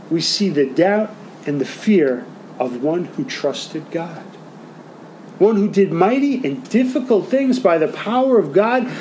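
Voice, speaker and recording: A man with a high voice preaches a sermon to his congregation. He talks conversationally and keeps asking them questions. A faint noise sits behind him. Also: darkish tone, low-quality recording. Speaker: pastor.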